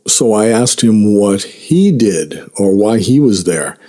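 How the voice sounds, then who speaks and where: Low mellow-voiced man telling a story. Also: sing-song, takes it slowly. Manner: casual and self-mocking, laughing between lines. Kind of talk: personal story monologue.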